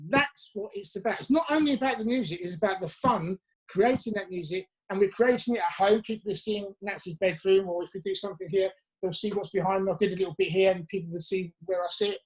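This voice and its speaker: A man from England, a musician guest, telling chatty anecdotes with quick asides over a video call from his home. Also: sits high. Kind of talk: casual interview chat.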